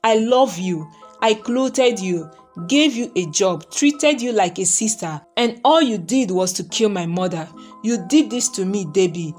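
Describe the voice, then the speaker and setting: A woman's voice: mid-range voice, lively intonation, unhurried, a little mellow, soft background music. A woman voicing a wronged young woman who accuses her rival and insists on her innocence, in a storybook reading. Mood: pleading. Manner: accusing, defiant.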